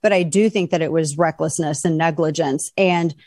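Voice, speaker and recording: A woman's voice: deep voice, normal speed, no room sound. A middle-aged woman appearing as a talk show guest, telling stories and giving emphatic opinions. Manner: animated storyteller, emphatic. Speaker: guest commentator.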